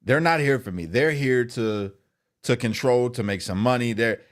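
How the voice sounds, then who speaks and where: A man's voice: mid-range voice, normal speed. Emphatic male podcast host. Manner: emphatic, repeating points. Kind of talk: casual podcast chat.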